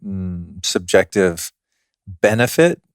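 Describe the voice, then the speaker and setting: Very deep-voiced male podcast host. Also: sing-song, dry recording, studio quality. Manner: thoughtful, measured, soft laughs. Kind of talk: casual interview chat.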